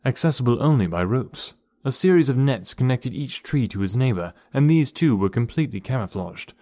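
Reading an audiobook aloud, a medium-pitched man uses a measured yet expressive storytelling style. The sound is clean, studio-grade, and echo-free.

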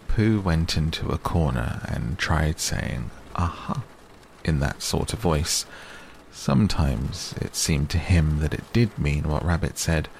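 A man narrating a storybook calmly and soothingly for bedtime listening. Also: rumbling low, gravelly, a little hiss or hum, rough recording. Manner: slow, calm and soothing. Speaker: audiobook narrator. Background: rain sounds.

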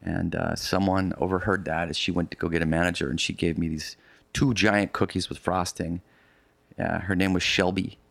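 A man with a very low voice tells a long story as an interview guest. His talk is loose and rambling, full of restarts and side remarks. The sound is close and dry, with no room echo. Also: flat delivery, normal speed, gravelly, fairly bright tone. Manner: rambling, with frequent restarts and vivid asides. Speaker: interview guest recounting a polar expedition. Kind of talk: casual storytelling in conversation.

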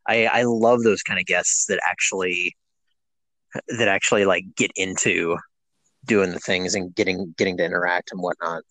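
A man's voice: low voice, fairly even intonation, moderate pace, sharp tone, dry recording. A man co-hosting a podcast, telling stories casually with plenty of fillers. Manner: conversational, storytelling, many fillers. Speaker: podcast co-host. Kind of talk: casual interview chat.

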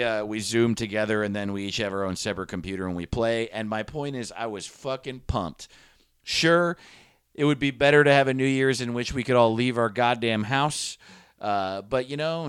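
A man's voice: medium pitch, a bit bright, clean tone, no room sound, clean studio sound. A man hosting a solo podcast, talking candidly and rambling, with lots of swearing and laughing at himself. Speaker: podcast host.

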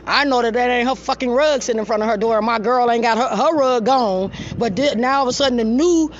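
A woman's voice: fairly high pitch, quick pace, a little hiss or hum. A woman telling a story in a casual way, blunt and profane, laughing often. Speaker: storyteller addressing an audience. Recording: dull lo-fi recording.

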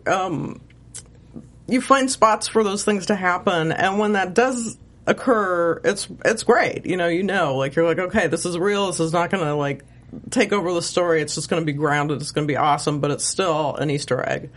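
A woman's voice: lowish voice, normal speed. A woman, a writer on the show, chatting as a guest, thoughtful and often laughing, with many restarts. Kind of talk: casual chat.

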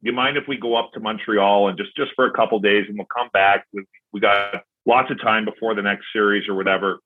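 A man's voice: lowish voice, steady tone, brisk. A man in his forties telling casual, rambling anecdotes as a podcast guest, acting out dialogue with "I'm like" and some swearing. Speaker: podcast guest, former pro hockey player. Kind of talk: casual storytelling. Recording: tinny phone-like line.

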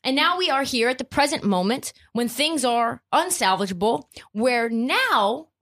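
A woman's voice: high-pitched, a little slow. A woman hosting a sports podcast, ranting casually and cursing freely. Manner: profane, animated ranting. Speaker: podcast host.

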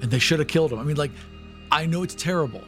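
A man's voice: fairly high pitch, very fast, fairly bright tone, soft background music. A man co-hosting a casual book-club podcast, asking eager questions and reacting to the plot. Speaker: podcast co-host.

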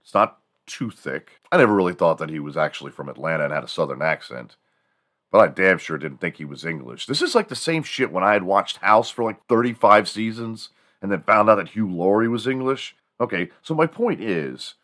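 A man's voice: deep voice, sing-song, fairly quick, a bit bright. A man from the United States rambling through a casual, profane comedic monologue as a show host. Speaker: podcast host.

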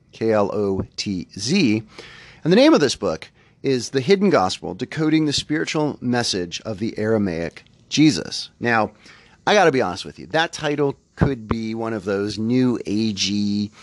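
A man's voice: lowish voice, no echo. A man hosting a spiritual podcast, talking in a thoughtful, conversational way and often correcting himself as he goes. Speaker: podcast host. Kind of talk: reflective spiritual podcast talk.

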